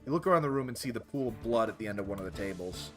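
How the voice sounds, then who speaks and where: A man's voice: on the low side, racing, soft background music. A man streaming a visual novel, reading its narration aloud. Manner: expressive narration. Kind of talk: reading game text aloud.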